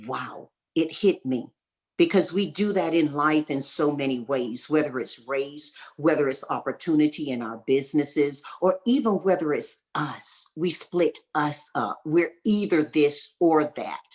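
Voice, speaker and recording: A woman with a Southern US accent and a very deep, low voice shares stories as the guest of a fireside chat. She talks in an emphatic, folksy way and slows right down to repeat the lines she wants to land. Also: darkish tone. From North Carolina, USA. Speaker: guest entrepreneur.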